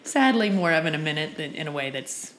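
A woman casually recapping a TV episode with a co-host, laughing often and swearing freely in an animated retelling. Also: low voice, a little fast, reverberant, slight background noise. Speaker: podcast co-host.

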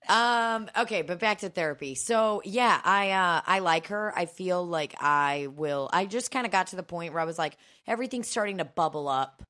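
A woman talking fast and laughing often while she co-hosts a casual, joking chat. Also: on the low side, pushed and bright.

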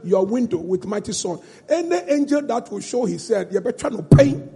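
Preacher putting on a cocky king brushing off his son, raspy, voice all over the place. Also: high-pitched, sing-song, moderate pace, warm tone, heavily acted. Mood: dismissive. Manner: boastful, dismissive. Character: arrogant boastful Egyptian king, a father.

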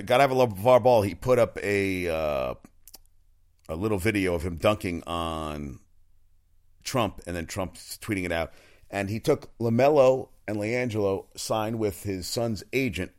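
A man riffing through sports news in a casual, rambling, profane monologue with frequent restarts. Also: deep voice. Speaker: sports talk commentator.

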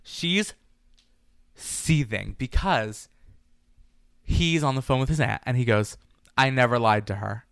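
A man co-hosting a casual podcast, retelling a story in an animated, gossipy way and slipping into quoted lines. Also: medium pitch, takes it slowly, gravelly, pauses often, smooth, dry recording, studio quality. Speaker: podcast co-host.

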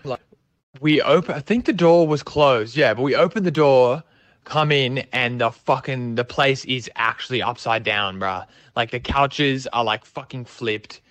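A man's voice: mid-range voice, measured pace, a bit bright, dry recording. A young man with an Australian accent, telling a rambling, sweary story in a casual way. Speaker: storyteller guest.

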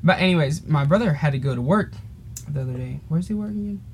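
A man's voice: on the high side, expressive, quick pace, a little hiss or hum. A teenage boy casually telling a rambling story on a podcast, laughing often and drifting off topic. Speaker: podcast host.

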